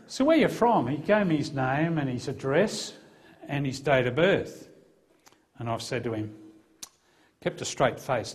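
Man, middle-aged, mid-range voice, conversational testimony to an audience, acts out the quoted dialogue. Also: mid-range voice. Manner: conversational storyteller who acts out the dialogue, lifting his voice for quotes. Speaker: former police officer giving a testimony. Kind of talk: personal testimony told to a live audience.

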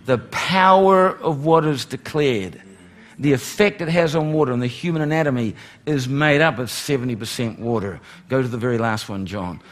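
A middle-aged man preaching a sermon, animated, swinging from loud exclamations to hushed, pleading lines. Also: medium pitch, normal speed. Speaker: pastor.

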